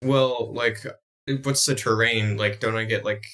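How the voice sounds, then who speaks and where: A man's voice: on the low side, steady tone, unhurried, pushed and bright. A man playing a ranger in a tabletop game, hesitantly questioning the rules to get an advantage. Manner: hesitant, haggles over rules. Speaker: player.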